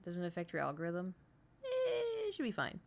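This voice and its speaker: A woman's voice: lowish voice, wildly swooping pitch, moderate pace. A woman streaming live, chatting casually and rambling straight to her viewers.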